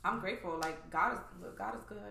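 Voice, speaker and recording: A woman's voice: mid-range voice, quick pace, gravelly, bright, forceful tone, reverberant, slight background noise. A young woman guest chatting casually on a podcast, full of "like" and "you know" as she tells her story. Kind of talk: casual chat.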